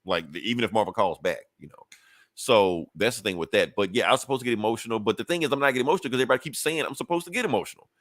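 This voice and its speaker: A man hosting a podcast in casual chat, profane and animated, laughing often and jumping high in pitch when worked up. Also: rapid-fire, dry recording. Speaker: podcast host.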